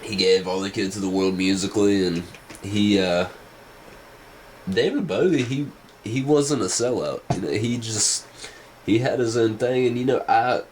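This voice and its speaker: A man's voice: on the low side, moderate pace, a little hiss or hum, poor audio. A man vlogging casual rambling commentary, hesitant and full of restarts. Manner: hesitant, many fillers and restarts.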